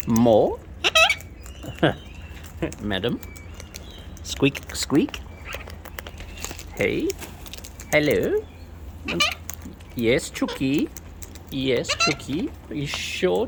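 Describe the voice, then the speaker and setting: Her voice is deep and bass-like, its pitch swooping wildly as she draws out her words and pauses often. Out in a noisy outdoor setting, she films and feeds wild birds, cooing at them fondly in sing-song baby talk.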